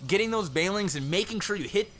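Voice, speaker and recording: Lively joking male game caster. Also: high voice, fast, slight background noise. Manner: joking, laughs a lot. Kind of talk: casual game commentary.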